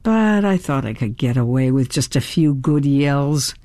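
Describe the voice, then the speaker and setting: Woman narrator, unhurried first-person audiobook read, dry close sound. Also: a bass voice, lively intonation, warm tone, dry recording. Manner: measured storytelling, tense in action scenes.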